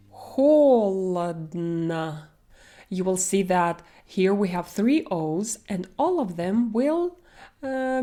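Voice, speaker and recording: A woman's voice: mid-range voice, dark tone. A young woman with a Russian accent teaching pronunciation in an online lesson, speaking carefully and stretching out example words.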